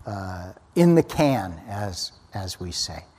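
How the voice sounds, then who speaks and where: A man's voice: sits low, sing-song, slow, a little mellow. Man telling a personal story at church, earnest, restarts a lot, long echo in a big hall. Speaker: guest speaker. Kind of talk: personal testimony.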